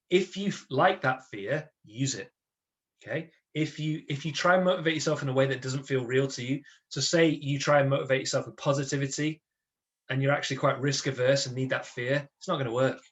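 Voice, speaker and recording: A man giving a motivational webinar to an online audience, chatty and energetic, often checking in with his listeners. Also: medium pitch. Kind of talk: lively talk to an online audience.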